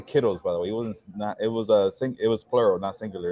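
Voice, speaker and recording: A man co-hosting a casual football podcast, talking quickly with many fillers. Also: lowish voice, dull audio. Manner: rapid, filler-heavy talk. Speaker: podcast co-host, football reporter. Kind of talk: casual sports podcast chat.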